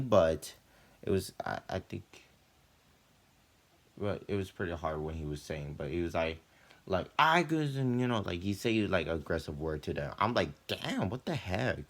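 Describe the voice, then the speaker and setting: Student vlogger, male, teens, deep low voice, rambly casual storyteller who leans on fillers and gets animated in the retelling. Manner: loose and chatty, full of "like" and "you know"; often animated, with jumps in pitch and volume when retelling.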